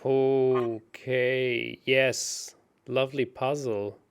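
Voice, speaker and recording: Slow gravelly guy muttering thru chess puzzles, second-guessing himself. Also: mid-range voice, little pitch movement. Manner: thinks aloud, hesitant, self-mocking. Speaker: chess co-host solving puzzles. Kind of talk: casual puzzle-solving chat.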